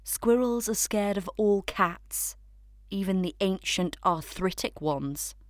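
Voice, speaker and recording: A woman narrating a children's story in a gentle, measured way. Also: lowish voice, dry recording, clean studio sound.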